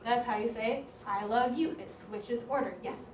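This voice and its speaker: A woman teaching a classroom grammar lesson as a high school Spanish teacher, talking in a lively, chatty way with lots of "like". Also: moderate pace. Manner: lively, chatty, uses "like" often. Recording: echoey classroom, voice far from mic, faint room noise.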